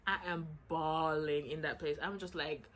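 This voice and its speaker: A woman's voice: sits low, fairly even intonation, moderate pace, fairly bright tone. Chatty woman telling a story. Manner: chatty, acts out quotes with "I'm like" asides. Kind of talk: casual storytime chat.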